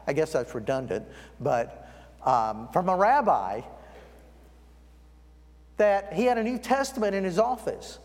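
A man preaching a sermon as a guest, telling a story and slowing down to stress key words. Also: sits high, very animated. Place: church sanctuary. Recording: long church hall reverb.

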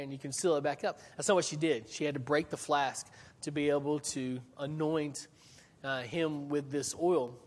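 A man's voice: a little high, in a large hall. A man preaching a sermon as pastor in a conversational way, often putting questions to the congregation.

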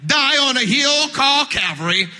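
A male pastor delivering a funeral sermon, with rhythmic preaching that swells into shouted, sung cadences and words repeated as he starts his phrases, in a church sanctuary. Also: extremely high pitch, animated, moderate pace. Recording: long hall reverb.

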